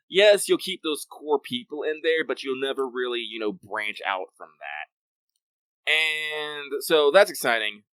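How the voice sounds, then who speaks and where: Through a desk microphone with a dry sound, a podcast co-host rambles casually about games, cursing and filling gaps with fillers. His voice is medium-pitched with a sharp tone.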